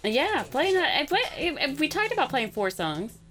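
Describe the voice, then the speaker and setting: A woman host chats casually with a band, her voice rising and falling in lively swings. She teases the players playfully and laughs often. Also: high-pitched, a little fast. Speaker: host streaming a live band session. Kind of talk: casual chat.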